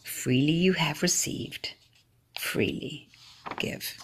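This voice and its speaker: A calm young man speaks with quiet patience in a low, husky voice, as a woman reading a story gives him voice. He never hurries. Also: slow, whispered, full character voice. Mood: patient.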